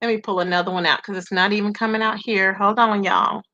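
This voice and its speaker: Bright-voiced woman gossiping on a livestream. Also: medium pitch, fairly even intonation, quick pace, muffled recording. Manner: chatty, greets viewers by name, calls them "baby" and "y'all". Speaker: livestream commentary host. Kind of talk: casual livestream gossip commentary.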